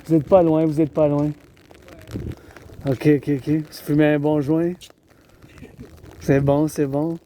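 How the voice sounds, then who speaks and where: High-voiced man chanting marching cadences. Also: little pitch movement, measured pace, pauses often, mellow, slight background noise. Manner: rhythmic call-and-response chanting, switching between English and French. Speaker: vlogger.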